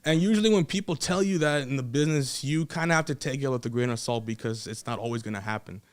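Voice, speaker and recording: A young man, a wrestler, telling a story in a casual podcast chat, animated and laughing often, acting out what others said. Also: mid-range voice, fast talker.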